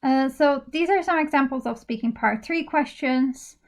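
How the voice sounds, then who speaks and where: A woman's voice: high voice, normal speed. A woman teaching an English speaking-exam lesson, explaining practice steps patiently with frequent ums and uhs. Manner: patient, step-by-step instruction with many fillers.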